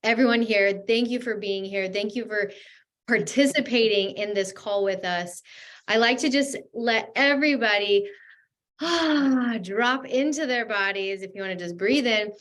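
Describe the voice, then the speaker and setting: A woman's voice: mid-range voice, moderate pace. A woman hosting a video call, gushing with thanks and then leading a guided breathing exercise. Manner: effusive, gushing, softly spoken. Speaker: host. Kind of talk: closing remarks and guided breathing.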